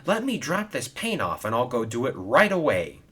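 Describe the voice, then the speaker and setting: A man's voice: medium pitch, huge pitch swings, normal speed, fairly bright tone, slightly rough, pitched above the performer's own voice, heavily acted. A man voicing a kind, helpful male steam engine who speaks earnestly and reassuringly.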